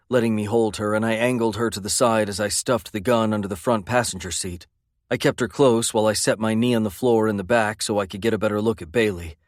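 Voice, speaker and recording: Male audiobook narrator, low voice, brooding and intense, dry close recording. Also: no room sound. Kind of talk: first-person romance audiobook narration.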